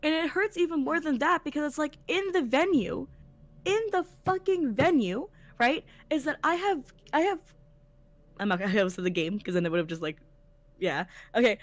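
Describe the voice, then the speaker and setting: A woman's voice: high-pitched, normal speed. A woman co-hosting a casual chat, telling a story emphatically and swearing freely as a tournament organizer. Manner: emphatic, swears a lot, animated retelling. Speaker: podcast co-host.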